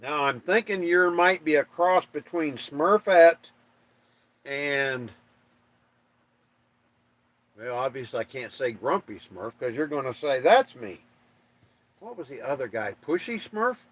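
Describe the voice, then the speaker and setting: A man's voice: a little high, expressive, measured pace, pauses often, a bit bright. A man from the United States hosting a livestream, reading viewer comments and joking about English place names in playful trash talk. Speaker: livestream host.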